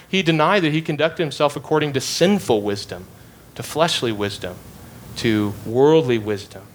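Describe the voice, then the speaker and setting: Emphatic man preaching a sermon. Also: a little high. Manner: emphatic, repeats phrases to drive points home. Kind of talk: expository sermon.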